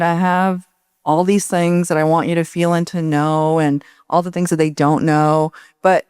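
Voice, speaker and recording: Woman author, guest on a stage talk; animated, personal, smooth and clean on a dry mic. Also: on the low side, dry recording. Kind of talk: onstage public conversation. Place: indoor event stage.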